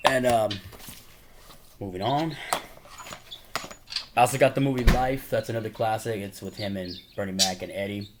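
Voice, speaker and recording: A man casually chatting to camera about his movie collection, excitedly rambling through favorite scenes. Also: lowish voice, moderate pace, pauses often. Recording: noisy home recording with birds chirping behind.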